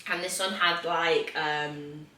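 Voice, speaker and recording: A woman co-hosting a podcast, telling stories in a chatty, animated way. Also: sits low, slow pace. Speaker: podcast co-host. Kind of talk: casual chat. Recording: echoey room, mic at a distance.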